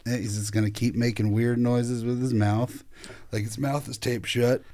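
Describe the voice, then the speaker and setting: A man co-hosting a casual comedy podcast at a middle pitch. He talks crude and provocative, pushing edgy jokes and bursting out loud. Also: flat delivery, normal speed. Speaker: podcast co-host.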